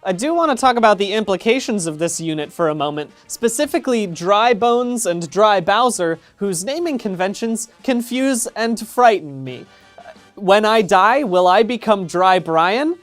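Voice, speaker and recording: A man hosting comedic scripted video commentary, energetic and absurdist, his voice leaping suddenly in pitch and loudness. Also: normal speed, faint music behind. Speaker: video essay host.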